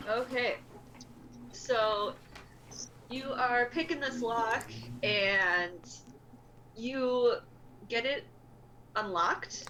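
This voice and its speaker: A woman narrating as game master of a tabletop game, laid-back and quick to laugh. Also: a little high, bright, forceful tone, a little hiss or hum, low-quality recording.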